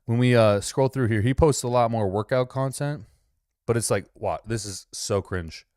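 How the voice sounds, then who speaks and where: A man's voice: medium pitch, normal speed, darkish tone, dry recording, clean studio sound. A man hosting a casual reaction commentary, mocking and rambling with plenty of swearing. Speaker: commentary host.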